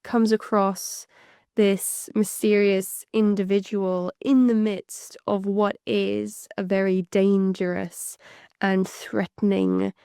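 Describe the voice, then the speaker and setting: A young woman from England chats on a podcast, her mid-pitched voice carrying a gravelly fry. She rambles freely and laughs lightly now and then. The sound is dry and close, with no room around it. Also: darkish tone, dry recording. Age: young adult. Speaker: podcast co-host. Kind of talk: casual chat.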